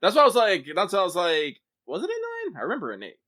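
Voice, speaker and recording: A man co-hosting a casual games chat, talking haltingly with many pauses and restarts. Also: high-pitched, wildly swooping pitch, crowd noise. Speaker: podcast co-host.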